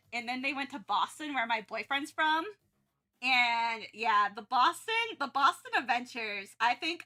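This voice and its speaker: A woman's voice: sits high, pushed and bright. A young woman from North Carolina chatting casually on a livestream, rambling with lots of restarts and fillers. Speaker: art streamer.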